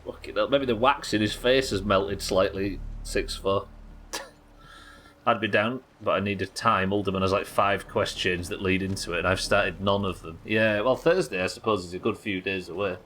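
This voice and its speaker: Chatty game streamer, low voice. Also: male voice, steady tone, moderate pace, fairly bright tone, a little hiss or hum. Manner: casual, chatty, laughs often. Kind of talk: live gameplay commentary.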